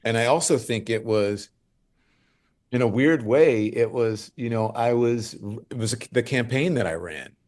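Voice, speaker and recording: A man in his fifties from Louisiana, a guest journalist telling lively stories in an interview and acting out what others said. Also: mid-range voice, a little slow. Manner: animated, lively storyteller who acts out quoted voices. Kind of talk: conversational interview storytelling.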